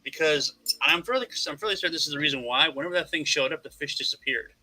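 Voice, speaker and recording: A man's voice: a little high, quick pace, pushed and bright, low-quality recording. A man telling a long story in a casual podcast chat, rambling and swearing, restarting his sentences again and again. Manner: rambling, lots of repeated restarts, wry and profane. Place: Florida.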